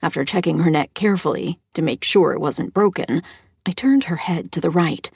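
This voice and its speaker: A woman narrating a first-person mystery audiobook in a steady storytelling voice on a close microphone. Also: fairly low pitch, moderate pace, vocal fry, slightly rough, no room sound.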